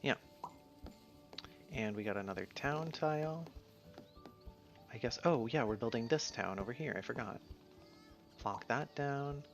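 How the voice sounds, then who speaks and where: A man streaming a game in a relaxed, casual way, musing to himself as he plays. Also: mid-range voice, measured pace, vocal fry, pauses often. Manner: easygoing, mumbles to himself while playing. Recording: slightly dull sound, faint music behind.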